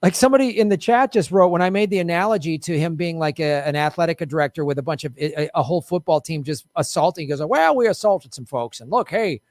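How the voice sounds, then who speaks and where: A man's voice: on the high side, fast talker, few pauses, a little mellow, dry recording, clean studio sound. A middle-aged man hosting a casual political commentary show, heated and sarcastic, swearing freely.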